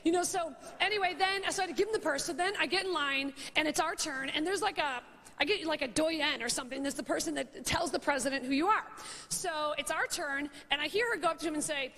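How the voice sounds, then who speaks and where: A woman in her thirties rambling through a funny anecdote in an animated, chatty way, full of "like" and "you know", laughing at her own story. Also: high-pitched, fairly quick. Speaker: comedian and talk show host. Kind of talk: comedic storytelling monologue.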